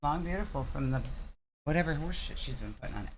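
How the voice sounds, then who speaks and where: A woman's voice: sits low, expressive, fast talker, slight background noise. A woman co-hosting a casual reaction stream, with a sarcastic, mocking way of talking. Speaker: co-host. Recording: loud music under the voice.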